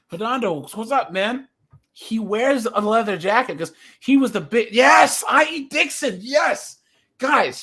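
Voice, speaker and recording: High-voiced livestream host. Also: male voice. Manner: animated, reads viewer names, laughs often. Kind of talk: casual livestream chat.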